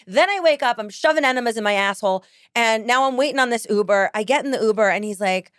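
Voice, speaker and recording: A woman podcast host telling a personal story in casual chat, animated, laughing often and acting out other people's lines. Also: a little high, fast, clean tone, no echo, clean studio sound.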